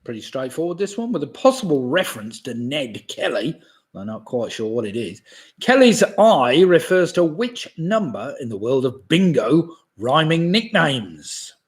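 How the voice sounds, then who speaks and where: A man in his sixties runs a home quiz stream with a bouncy, up-and-down delivery. He reads each question slowly and deliberately, then repeats it. Between questions he drifts into relaxed, chuckling asides. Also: on the high side. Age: 60s. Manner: chatty, chuckles often, asides about beer. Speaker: pub quiz host. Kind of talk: live-streamed quiz, casual chat.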